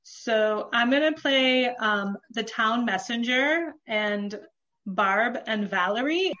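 A chatty woman guest talks casually about her comedy writing, with a somewhat high voice and lots of fillers. The recording sounds slightly dull and muffled. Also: takes it slowly, sharp tone. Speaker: comedy book author, guest. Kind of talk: casual chat.

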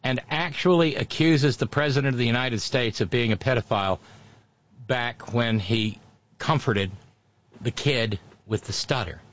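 A man's voice: medium pitch, unhurried, fairly bright tone, lo-fi sound. A man giving opinionated political commentary, sarcastic and scornful, calling his opponents names.

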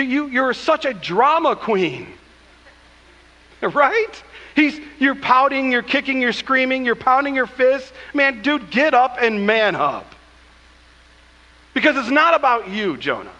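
A man's voice: very high voice, sharp tone, big-room sound, lo-fi sound. A man preaching a sermon as pastor, with emphatic asides and acted-out scripture quotes, speaking in a church. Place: church sanctuary.

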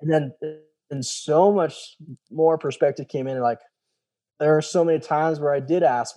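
A former special operations soldier in his thirties appears as a guest in a casual interview, telling his story with offhand swearing and acting out the people he quotes. His warm, mellow voice sits a little high and moves at a normal speed.

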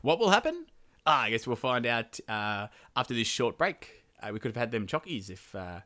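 A man's voice: mid-range voice, lively intonation, normal speed, bright, forceful tone. A man hosting a podcast, retelling a legend in a casual, comedic way with swearing and rambling asides. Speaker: podcast host.

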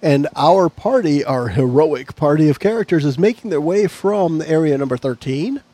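A man's voice: fairly high pitch, lively intonation, normal speed, dark tone, no echo. A man narrating a tabletop game as game master, playful and loose, with fillers between his descriptions.

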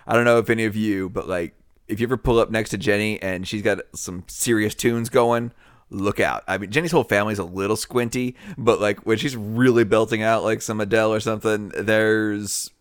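A man's voice: fairly low pitch, steady tone, brisk, clean tone, dry recording, studio quality. A man co-hosting a casual podcast chat, joking and laughing often as he recaps a TV show. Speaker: podcast co-host.

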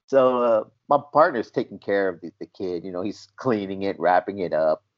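A man's voice: low-pitched, normal speed. A man telling a story from his work as a paramedic, acting out the quotes. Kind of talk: casual storytelling. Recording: dull lo-fi sound.

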